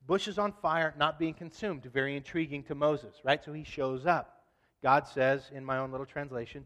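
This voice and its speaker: A man preaching a sermon in a casual, humorous, conversational way, with animated asides. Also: medium pitch, moderate pace. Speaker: pastor. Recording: long hall reverb.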